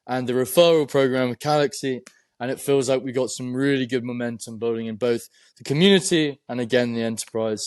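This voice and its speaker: A man co-hosting a casual crypto chat, talking in a measured way with many "you know"s. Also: medium pitch, a little mellow, no echo. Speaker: co-host.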